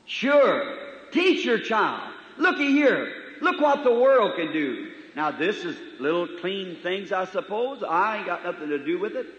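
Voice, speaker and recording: A man preaching a sermon in a church hall, folksy in manner, swinging from loud to soft. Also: very high voice. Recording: echoey hall, dull 1950s tape recording.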